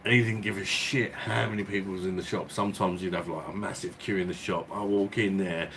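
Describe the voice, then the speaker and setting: A man's voice: low-pitched, fairly even intonation, fast talker, hardly any pauses, fairly bright tone, slight background noise. A man, hosting a beer review channel, rambling through a casual story with swearing and chuckles. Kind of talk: casual storytelling chat and viewer Q&A.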